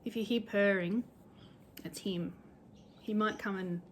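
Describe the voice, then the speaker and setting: A woman's voice: medium pitch, fairly even intonation, unhurried, pauses often. A middle-aged Australian woman chatting casually and rambling cheerfully about sewing and stitching at home, now and then poking fun at herself. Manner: chatty, rambling, self-deprecating. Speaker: cross-stitch vlogger. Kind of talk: casual chat.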